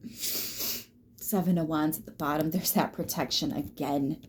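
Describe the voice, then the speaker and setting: A woman giving a tarot reading, emphatic and swearing, dropping now and then into soft whispers. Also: fairly low pitch, unhurried, a little hiss or hum. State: teary at times. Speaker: tarot reader.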